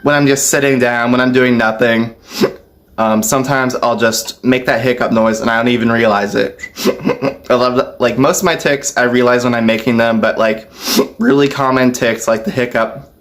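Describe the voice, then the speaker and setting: A man vlogging a casual storytime, chatty and loose, laughing softly between phrases. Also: medium pitch, steady tone, moderate pace. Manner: loose, filler-heavy talk.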